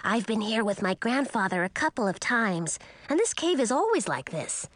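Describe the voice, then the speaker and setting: A woman's voice: fairly high pitch, very animated, moderate pace, no room sound, voice pushed up. A woman doing a young chatty dragon boy. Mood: earnest. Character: young friendly male dragon, eager and chatty.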